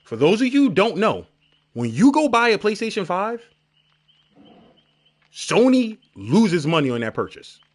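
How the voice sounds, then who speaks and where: Loud, lively, profane man streaming. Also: high voice, measured pace, long pauses. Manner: profane, animated storytelling with shouted crowd imitations. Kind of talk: casual stream commentary.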